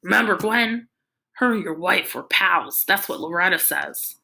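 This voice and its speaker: A woman's voice: lowish voice, lively intonation, vocal fry, bright, forceful tone, full character voice. Woman voicing nervous jittery accomplice. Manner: fast, nervous, pleading. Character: nervous bearded grown man, jittery accomplice.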